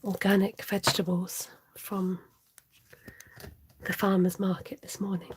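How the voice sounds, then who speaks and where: A woman voicing a hushed, indulgent female supermarket-ad narrator, with a slow, breathy, half-whispered luxury-ad delivery. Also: medium pitch, flat delivery, slight background noise, lightly acted. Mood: sultry.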